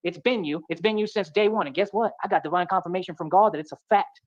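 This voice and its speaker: A man from delivers a rapid, swaggering rant. He keeps circling back to the same boasts and pet phrases. The audio is muffled and lo-fi. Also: high voice. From Atlanta, United States. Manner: boastful, repetitive, keeps saying "real talk".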